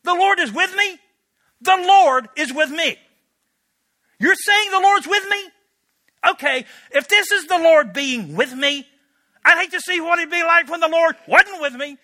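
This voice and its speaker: A preacher acting out Gideon, a sarcastic young nobody of a farmer who can't believe what he's hearing. His voice jumps up high and bright and loud with exasperated disbelief. It is part of a sermon retelling. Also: animated, measured pace, heavily acted. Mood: incredulous.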